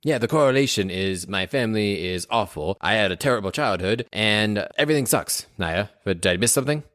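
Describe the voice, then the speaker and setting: Young male tabletop player, low voice, swings wide, exasperated and whiny, dry close mic. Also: expressive, brisk, fairly bright tone, no room sound. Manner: whiny, exasperated, jumps to high squeaks. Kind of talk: in-character tabletop play and narration.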